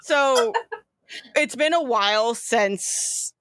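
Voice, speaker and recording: A woman's voice: a little high, animated, very slow, a bit bright, no echo. Giggly woman game master. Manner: giggly, rambling with many fillers. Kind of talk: narrating a tabletop game.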